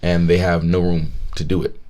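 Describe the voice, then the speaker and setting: A man in his twenties, co-hosting a podcast, telling a story in a profane, animated way. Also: deep voice, moderate pace. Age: 20s. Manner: animated, profane, retelling with quoted voices. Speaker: podcast co-host. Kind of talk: casual storytelling chat.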